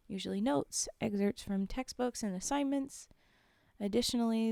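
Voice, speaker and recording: A woman's voice: mid-range voice, vocal fry, warm tone, no room sound. A woman reading horror stories aloud on a live stream, with casual asides between passages, recorded on a close microphone. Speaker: streamer and storyteller.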